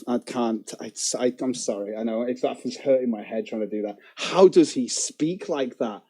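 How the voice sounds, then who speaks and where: A man's voice: mid-range voice, normal speed, hardly any pauses, warm tone, breathy edge. A man streaming live and commenting casually in a profane, giggly, mocking way.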